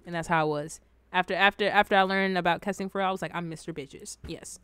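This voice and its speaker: A woman's voice: fairly low pitch, steady tone, rapid-fire, a bit bright, clean tone, dry recording. A young adult woman chatting casually, telling funny childhood stories and reacting to comments. She laughs often and swears freely. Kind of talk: casual storytelling chat.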